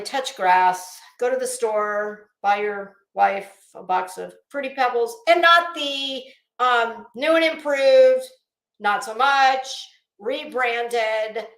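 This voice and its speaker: A woman host telling a profane, animated story as a casual rant. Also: on the high side, slow. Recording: echoey room.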